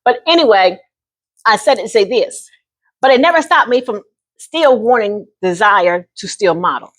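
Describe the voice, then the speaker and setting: A woman in her sixties telling a personal story to camera in an animated, folksy way, often calling the listener honey. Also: medium pitch, normal speed. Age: 60s. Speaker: vlogger.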